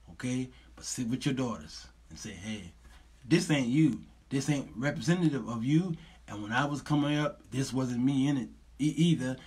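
A man's voice: medium pitch, breathy edge. A male show host, lecturing viewers in casual livestream talk and laughing often.

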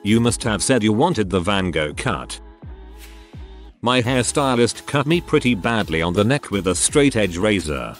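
A man with a low voice reads internet stories aloud, his pitch rising and falling freely as he goes. He slips wry comments in between the tales, while soft music plays faintly underneath. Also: very animated, measured pace. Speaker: narrator.

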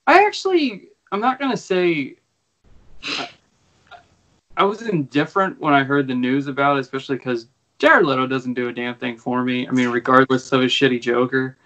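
A man's voice: medium pitch, moderate pace, fairly bright tone, muffled recording. A man co-hosting a casual film podcast over a video call, offhand and blunt in his opinions. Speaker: podcast co-host.

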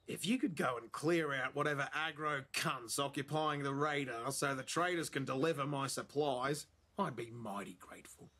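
An actor with an Australian accent playing a crude, teasing border guard in a video game, full of slang. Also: male voice, mid-range voice, normal speed, few pauses, bright, forceful tone, husky. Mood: matter-of-fact. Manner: brash, teasing, heavy slang. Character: crude joking Australian border guard, middle-aged prankster.

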